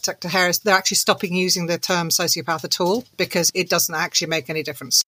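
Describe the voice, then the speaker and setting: A woman, an author telling her story as an interview guest, animated and laughing through her anecdotes. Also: lowish voice, no echo. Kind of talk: conversational storytelling.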